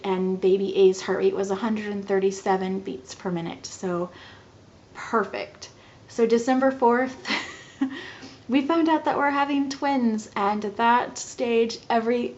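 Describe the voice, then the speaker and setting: A young woman in her twenties telling a personal story to the camera in a casual vlog, animated and giggly, acting out the dialogue. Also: medium pitch. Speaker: vlogger. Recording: slightly dull lo-fi audio.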